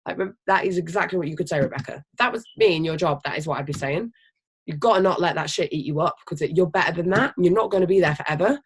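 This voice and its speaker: Team leader, casual motivational training talk; emphatic, energetic, swears freely, mid-pitched. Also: quick pace, slightly rough. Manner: animated, energetic. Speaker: team leader of a health business.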